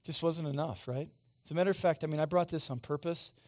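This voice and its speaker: A man's voice: a little high, fast, a little mellow. Man in his forties preaching conversationally. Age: 40s. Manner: conversational, asks the congregation questions. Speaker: pastor. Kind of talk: sermon. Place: church sanctuary.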